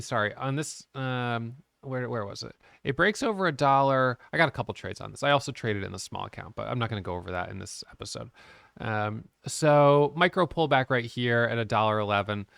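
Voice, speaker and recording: A man's voice: mid-range voice, expressive, a little fast, gravelly, a bit bright, no echo, studio quality. A man giving a casual, frank recap of his day trades, talking through the charts and openly criticizing his own mistakes.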